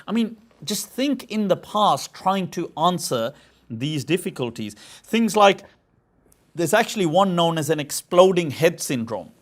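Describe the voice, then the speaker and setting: Man lecturing, fairly high voice. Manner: conversational, restarts and repeats words, rhetorical questions. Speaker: Islamic scholar lecturing. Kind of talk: informal religious lecture.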